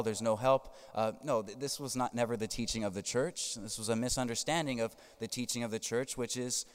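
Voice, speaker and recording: Priest preaching in a reverberant hall. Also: male voice, mid-range voice, fairly even intonation, a little fast, few pauses, smooth. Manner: emphatic, tags points with "right?". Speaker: Catholic priest. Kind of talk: sermon.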